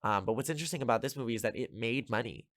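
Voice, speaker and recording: This is a man at a middle pitch hosting a podcast, talking through a film's plot in a loose, meandering way. He leans on fillers and drops sarcastic little jabs as he goes. The sound is close and dry. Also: rapid-fire, a bit bright, no room sound. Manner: rambling, filler-heavy, sarcastic asides. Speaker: podcast host. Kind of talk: casual film recap.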